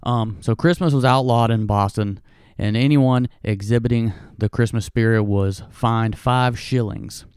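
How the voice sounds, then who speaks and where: A man's voice: mid-range voice, fairly even intonation, unhurried, a little mellow, clean tone, no room sound, studio quality. A man giving a casual, rambling history talk, full of fillers and jokey asides.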